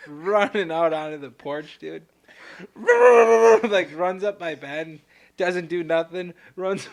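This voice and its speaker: A man co-hosting a casual podcast, telling animated stories with frequent laughter and casual swearing. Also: on the high side. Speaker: podcast co-host. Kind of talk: casual storytelling chat.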